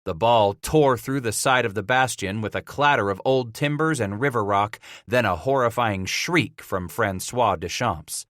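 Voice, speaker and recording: Brief: male narrator, bright clear tone, dry close sound, measured delivery. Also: on the low side, no room sound. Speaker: audiobook narrator. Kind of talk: dramatic audiobook narration.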